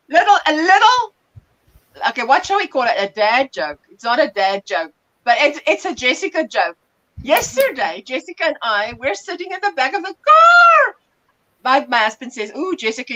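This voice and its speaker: A woman with a South African accent hosting a casual livestream chat, telling stories with animated bursts of laughter. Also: sits high, low-quality recording. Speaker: livestream host.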